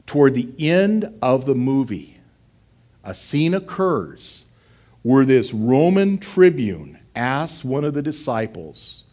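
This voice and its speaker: A middle-aged male pastor giving an animated, conversational sermon. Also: medium pitch, slow. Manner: animated, conversational preaching, acts out quotes.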